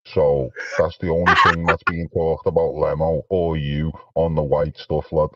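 A man's voice: rumbling low, flat delivery, measured pace, far from the mic, dull audio, heavy background noise. A man mocking and taunting another guest on a livestream panel.

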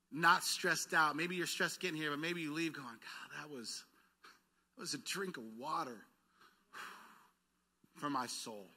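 Male pastor, slightly high, very bright voice, lively sermon delivery with call-and-response. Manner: engaging the congregation for call-and-response; lively, quick bursts then slowed words. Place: church sanctuary.

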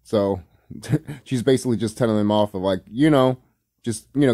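A man's voice: lowish voice, normal speed, dark tone, no room sound, clean studio sound. A man giving casual, rambling reaction commentary on a cartoon, full of fillers, swearing and laughter. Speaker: video commentator.

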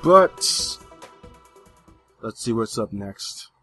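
A man's voice: on the low side, big pitch swings, very slow, a bit bright. Young man rambling over gameplay. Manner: rambling, jokey, with fillers. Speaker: gamer. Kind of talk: casual let's-play commentary. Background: game music.

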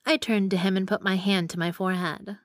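A woman's voice: medium pitch, fairly even intonation, fairly quick, no echo. A young adult woman narrating a first-person romance audiobook in an intimate, wry manner on a close mic.

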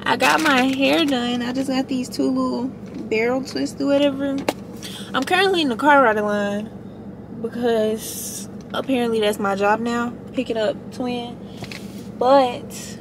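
A woman's voice: a little high, background noise. A young woman talking candidly to her viewers in a casual, slangy vlog chat. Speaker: vlogger.

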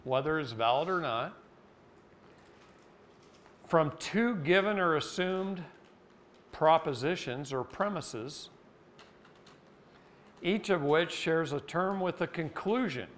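A man's voice: fairly high pitch, slow pace, long pauses, a little hiss or hum. Folksy middle-aged man giving a seminar talk. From Oregon. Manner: folksy, animated, mocking voices in anecdotes. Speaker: seminar speaker. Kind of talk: live seminar talk with storytelling. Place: seminar room.

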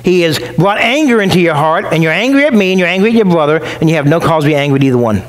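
A man's voice: fairly high pitch, animated, very fast, low-quality recording. A male pastor preaching a sermon in a conversational way, acting out the voices of the people he quotes. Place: church.

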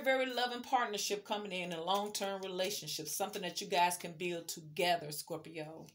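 Chatty higher-voiced woman reading tarot. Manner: chatty, emphatic, speaks straight to viewer. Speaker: tarot card reader.

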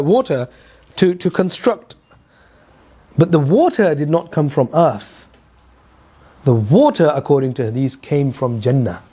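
In a religious lecture, a man teaching a Quran lesson tells a story using rhetorical questions, asides and hesitant, repeated fillers. His voice sits on the high side and sounds mellow and slightly rough.

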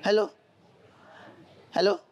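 A man's voice: takes it slowly, crowd noise, close to an everyday voice. A man acting a flustered broke man who stammers and pleads over the phone in a comedy skit. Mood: pleading. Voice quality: stammering, repeats words.

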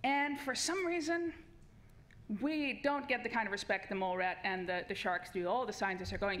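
A woman's voice: mid-range voice, steady tone, moderate pace, a bit bright, slight background noise. A woman researcher giving a comic debate speech on a festival stage, full of hesitant restarts and wry humor.

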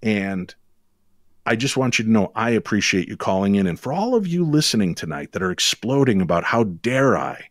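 A man who hosts a paranormal radio show, telling stories as a podcast guest in a lively, quick way with sudden jumps in pitch. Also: no room sound, studio quality. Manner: animated, quick storytelling with sudden rises in pitch. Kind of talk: storytelling in a podcast interview.

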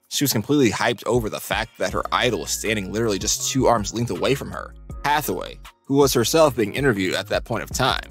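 A man reading a scripted countdown narration in an even, steady delivery. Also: fairly low pitch.

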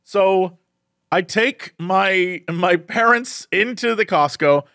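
A man's voice: sits high, slow, no echo, clean studio sound. A young man co-hosting a podcast, telling a funny family story in casual chat and acting out the people in it. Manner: animated storyteller acting out family members' voices. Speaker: podcast co-host.

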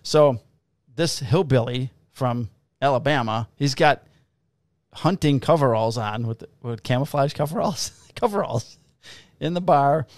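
A man, a police officer co-hosting a podcast, telling work stories in a casual, profane, animated way and acting out the quotes. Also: mid-range voice, a little slow, no echo. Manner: profane, animated storyteller who acts out quotes. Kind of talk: casual chat, storytelling.

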